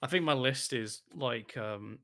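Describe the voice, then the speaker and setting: A man co-hosting a podcast, chatting eagerly with halting starts and frequent laughs. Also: mid-range voice, bright, forceful tone. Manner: enthusiastic, laughs often, halting. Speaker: podcast co-host. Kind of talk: casual chat.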